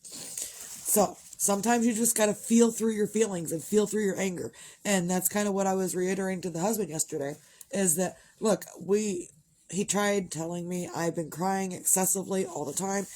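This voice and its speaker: A woman's voice: mid-range voice, moderate pace, warm tone. A middle-aged woman, talking frankly in a rambling, casual monologue and swearing freely. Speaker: vlogger.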